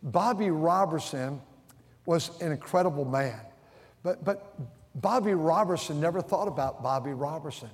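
In a church sanctuary, a man with a slightly high voice preaches at a normal speed, telling stories and vividly acting out what people said. He often restarts and repeats words, and the long reverb of the church hall surrounds him.

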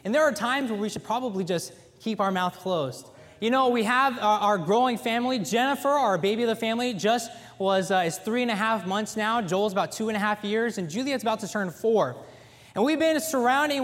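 A man in his thirties preaching a folksy sermon in a church, telling stories with animated emphasis. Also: high-pitched. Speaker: pastor. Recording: echoey church hall.

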